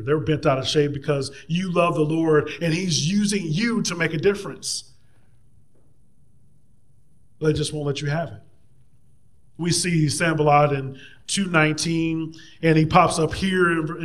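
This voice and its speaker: A man preaching a conversational sermon, animated and playful, slipping into mocking voices. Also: a little high.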